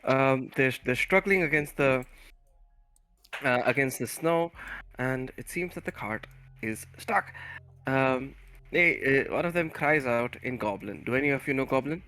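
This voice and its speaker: A man running a tabletop game online, narrating with many pauses and fillers. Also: mid-range voice, expressive, sharp tone. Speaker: game master.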